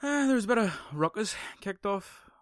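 A man's voice: high voice, sing-song, normal speed, no echo, clean studio sound. A young man hosting a casual solo podcast, swearing, rambling and sarcastic. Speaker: podcast host.

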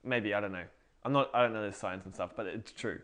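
A man's voice: on the low side, quick pace, fairly bright tone. Rambling casual man telling faith stories. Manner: rambling, self-correcting, storytelling. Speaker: podcast co-host.

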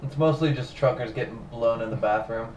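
A man's voice: mid-range voice, a little fast, a little mellow. A young man on a casual podcast, dropping dry, crude one-liners. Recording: roomy, distant mic, faint noise.

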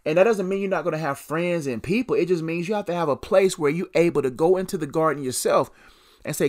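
A man's voice: a little high, fast talker. A young adult man hosting a solo devotional podcast, preaching with repeated phrases and strong emphasis.

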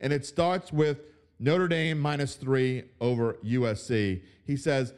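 A man hosting a sports betting podcast, ranting with mocking outbursts and dropping to low mutters. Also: normal speed, a little mellow, clean tone. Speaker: podcast host. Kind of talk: opinionated sports betting talk.

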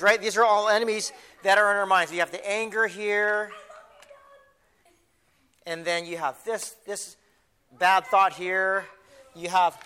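In a church sanctuary, a pastor gives a casual children's lesson during the service, often restarting and repeating words as he talks to the kids. His voice sits high, with a sharp yet smooth tone.

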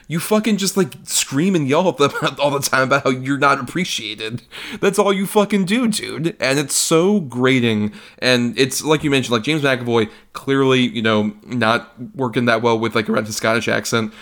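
A man in the middle of a casual film podcast, talking at an ordinary middle pitch. He gets animated and profane, tossing in mocking little impressions as he rants about a movie. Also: normal speed, creaky. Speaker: podcast co-host. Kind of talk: casual film review chat.

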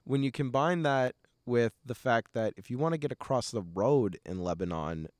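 A young American man chatting casually, telling lively stories and acting out what others said. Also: mid-range voice, normal speed, dry recording, clean studio sound. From United States. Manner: animated storytelling, acting out quoted voices. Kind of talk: casual conversation.

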